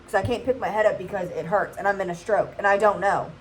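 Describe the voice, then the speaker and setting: A woman's voice: mid-range voice, fast talker, soft background music, low-quality recording. A woman, telling a casual storytime vlog and often checking in with "okay?". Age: 20s. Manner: chatty, keeps asking "okay?". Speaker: vlogger.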